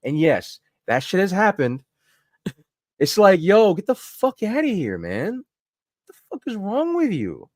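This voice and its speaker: A man's voice: sits high, huge pitch swings, measured pace, dry recording, studio quality. A man co-hosting a podcast, ranting heatedly and profanely in casual chat. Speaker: podcast co-host.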